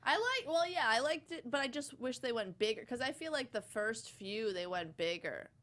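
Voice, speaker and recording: A woman co-hosting a TV review show, giving her opinions on sketches in a lively, casual way. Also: on the high side, normal speed.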